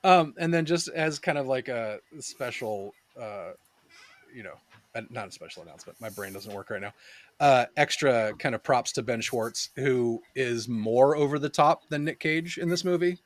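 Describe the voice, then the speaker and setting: A man's voice: mid-range voice, moderate pace. A young man co-hosting a podcast, casually reviewing a film with lots of laughter and quoted lines. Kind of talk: casual movie review chat.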